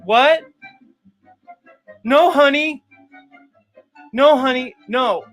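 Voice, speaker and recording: Whiny, giggly parody of a needy male streamer, pitched up high, as a man puts him on. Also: very slow, a bit bright, soft background music, heavily acted, poor audio. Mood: flustered.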